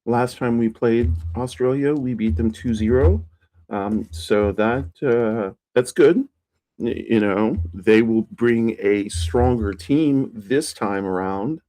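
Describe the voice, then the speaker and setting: A streamer chatting alone on a casual live stream, rambling with many fillers and restarts and sometimes pushing the voice higher. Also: gravelly, mellow. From United States. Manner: plays with raising the pitch of the voice.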